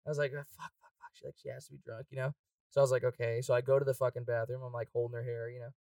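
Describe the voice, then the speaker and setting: A young man telling a party story in casual chat, profane and quick, laughing often and acting out quotes. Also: medium pitch, little pitch movement, gravelly, a little mellow, dry recording, distant mic.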